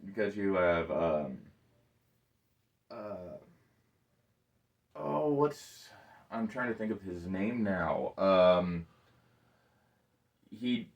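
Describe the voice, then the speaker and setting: Laid-back male co-host, halting delivery, slightly distant mic. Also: low voice. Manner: relaxed, halting, searches for words. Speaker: podcast co-host. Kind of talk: casual movie review chat.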